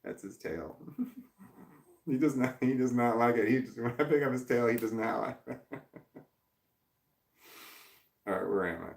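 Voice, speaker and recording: A man's voice: mid-range voice, moderate pace, creaky, long pauses. A middle-aged man from Missouri chatting on a live stream, reading viewer comments and rambling with many restarts in a self-deprecating, droning way. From Missouri, USA. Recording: echoey room.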